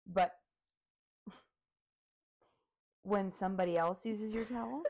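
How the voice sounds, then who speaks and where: A woman's voice: medium pitch, takes it slowly, darkish tone. A woman co-hosting a casual podcast, chatting emphatically and repeating her points. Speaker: podcast co-host. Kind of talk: casual chat.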